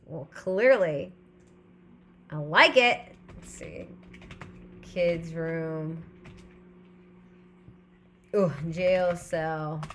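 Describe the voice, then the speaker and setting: This livestream host, a woman in her thirties, talks extremely slowly in a low voice with frequent pauses and a fairly bright tone. There's a little hiss or hum on the audio. She rambles casually and reads viewers' comments out loud.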